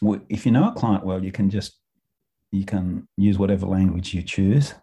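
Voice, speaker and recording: Australian male podcast co-host, mellow low voice, a bit husky, a chatty storyteller who swears freely. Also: moderate pace. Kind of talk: casual chat.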